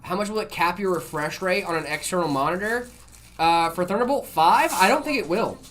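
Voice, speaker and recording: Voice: medium pitch, expressive, fairly quick, fairly bright tone, slight background noise. A livestream host who chats casually while answering viewer questions about PC hardware, loose and filler-heavy, reading chat aloud.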